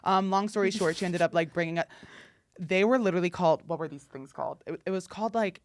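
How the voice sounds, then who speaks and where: A young woman hosting a podcast, telling a story casually with many fillers and acting out quotes loudly. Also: lowish voice, quick pace. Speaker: podcast host.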